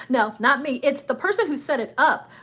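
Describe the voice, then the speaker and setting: A chatty woman hosting a casual travel livestream, her voice sitting a little high. She sounds a bit nervous and laughs at herself as she talks. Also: animated, moderate pace, sharp tone. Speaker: travel vlogger and travel agent.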